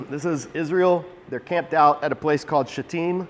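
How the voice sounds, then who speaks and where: Man, Bible teacher, energetic and emphatic, somewhat high voice, reverberant hall. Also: moderate pace, a little hiss or hum. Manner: energetic, emphatic, conversational with repeated restarts.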